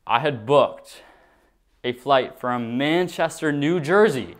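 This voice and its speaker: A young man telling a storytime vlog in an animated, dramatic way. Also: medium pitch, slow, faint music behind. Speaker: vlogger.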